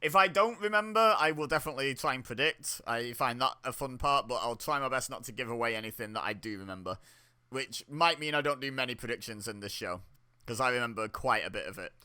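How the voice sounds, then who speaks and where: Bright-voiced man chatting through a watch-along. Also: medium pitch, expressive, quick pace, clear, resonant tone. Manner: chatty, reacts aloud with laughs and exclamations. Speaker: wrestling watch-along host. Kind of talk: casual watch-along commentary.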